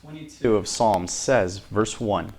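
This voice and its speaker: A man reading Bible verses aloud deliberately, with expressive emphasis. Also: lowish voice. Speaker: scripture reader. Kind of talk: slow scripture reading.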